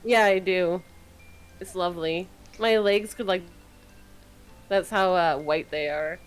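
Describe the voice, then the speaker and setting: A woman's voice: lowish voice, slow pace, clear, resonant tone, faint music behind, poor audio. A woman streaming a game, playful and laughing in casual banter.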